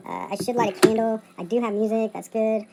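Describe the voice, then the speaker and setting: A woman's voice: on the high side, steady tone, fairly quick, vocal fry, very noisy. A woman reading tarot at her table late at night, talking in a loose, rambling, self-interrupting way. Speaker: tarot reader. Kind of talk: rambling casual vlog.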